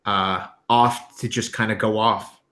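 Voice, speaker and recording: A man narrating as game master of a tabletop game, halting with frequent ums and restarts. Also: on the low side, steady tone, sharp tone.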